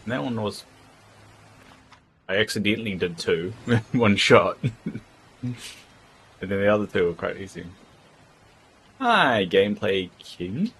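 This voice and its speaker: This man streams a game and talks casually and frankly, rambling between topics. His voice sits on the low side, husky yet fairly bright, with big swings in pitch, and he speaks a little slowly with frequent pauses.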